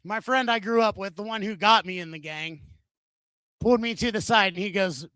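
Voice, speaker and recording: A man's voice: sits high, brisk, bright, forceful tone, clean tone, no room sound. A man in his thirties doing a stand-up comedy set on a venue stage into a handheld mic, with crude, self-mocking, punchy delivery.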